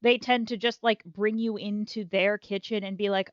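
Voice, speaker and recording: A woman's voice: mid-range voice, fairly even intonation, normal speed, no room sound. A woman at a tabletop game, explaining hesitantly with fillers. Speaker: player. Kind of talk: tabletop role-play chat. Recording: dull lo-fi line.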